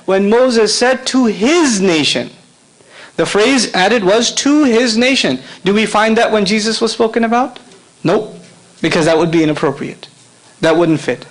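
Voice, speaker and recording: A middle-aged man giving a lively lecture to a live audience, often asking the crowd questions and laughing as he talks. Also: high-pitched, measured pace, poor audio. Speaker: Islamic lecturer.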